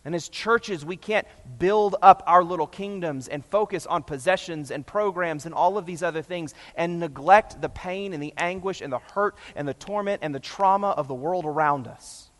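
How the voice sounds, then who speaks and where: A man preaching a sermon, passionate and emphatic, swinging between loud and hushed. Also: sits high, normal speed, few pauses, long reverb tail. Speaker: pastor.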